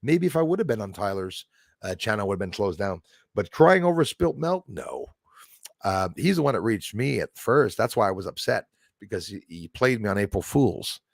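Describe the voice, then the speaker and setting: A man's voice: fairly low pitch, sing-song, moderate pace, creaky, dry recording, clean studio sound. A man hosting a livestream from a rural home, rambling and chatty as he reads viewer comments aloud. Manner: rambling, chatty, jumps between topics. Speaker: channel host.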